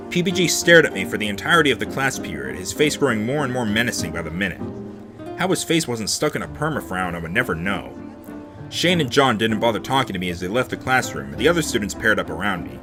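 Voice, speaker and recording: A man's voice: medium pitch, sing-song, fast talker, music in the background. A man reading a visual novel aloud as host, dropping sarcastic asides between the lines of narration. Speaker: let's play host.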